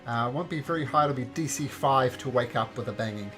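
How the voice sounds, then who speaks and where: A man narrating a tabletop game as game master, halting with fillers and restarts. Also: medium pitch, music in the background.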